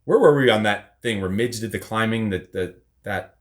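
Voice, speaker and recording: A man's voice: lowish voice, normal speed. Middle aged guy hosting a live stream, rambly, swears a lot, teasing. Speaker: podcast host. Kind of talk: casual live-stream chat.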